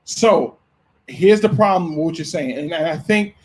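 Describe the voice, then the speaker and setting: A man's voice: fairly high pitch, expressive, measured pace, darkish tone. A man hosting a talk show, arguing his point and pressing the others with pointed questions. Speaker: radio show host. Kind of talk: heated casual debate.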